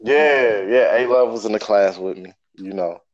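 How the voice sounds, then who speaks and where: A young man with a fairly low voice laughs at himself while he tells a story in easy, rambling chat. The sound is dull and lo-fi, as if recorded on modest gear. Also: moderate pace, crowd noise. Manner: easygoing, self-mocking, laughing. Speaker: co-host.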